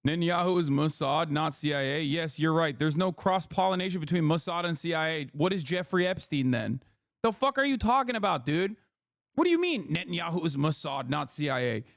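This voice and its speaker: A man in his thirties streaming political commentary from home, his somewhat high voice climbing when he gets worked up. He talks in heated, profane, incredulous bursts into a close desk mic with a dry, dead sound. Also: expressive, a little fast, vocal fry, no echo. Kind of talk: casual livestream commentary.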